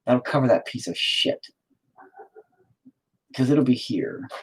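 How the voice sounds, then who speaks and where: A man's voice: mid-range voice, takes it slowly, husky. A man chatting casually while he paints, rambling, swearing often and talking to himself. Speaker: painting streamer.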